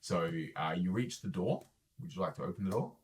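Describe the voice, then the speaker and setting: A man's voice: low voice, fairly quick, darkish tone, a little hiss or hum. A man narrating as dungeon master at a tabletop game, loose and chatty with easy laughs. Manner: laughs easily, loose storytelling with fillers.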